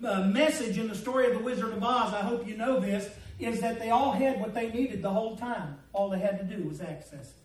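A man preaching a sermon in a folksy, storytelling way. His voice sits unusually high for a man and rises and drops sharply in loudness. He is recorded from some distance, and the room echoes around him. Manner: folksy storytelling, swings between loud and quiet.

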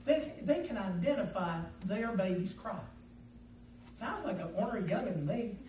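A man preaching a sermon, telling homespun stories and swinging between loud and quiet. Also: sits high, expressive, moderate pace, slight background noise. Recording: echoey room, mic at a distance.

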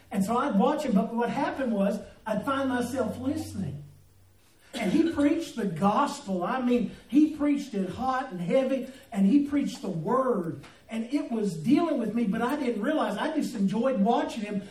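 A man's voice: sits high, animated, moderate pace, a little mellow. Man, pastor, sermon, folksy, echoey church hall. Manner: folksy storytelling with jokes and congregation asides. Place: church sanctuary. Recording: echoey hall, mic from a distance.

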